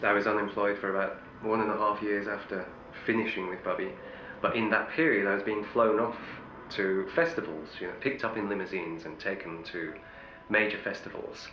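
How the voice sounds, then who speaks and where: A man's voice: lowish voice, fairly even intonation, fairly quick, few pauses, roomy sound, muffled recording, noisy background. A middle-aged male actor telling wry anecdotes in an interview, often restarting his sentences. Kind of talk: interview storytelling.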